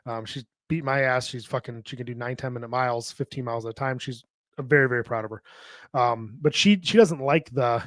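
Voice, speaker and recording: A man's voice: mid-range voice, fairly quick, fairly bright tone, dry recording, clean studio sound. A man hosting a fitness podcast, talking bluntly and profanely in a tough-love motivational monologue into a podcast microphone. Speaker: podcast host and fitness coach.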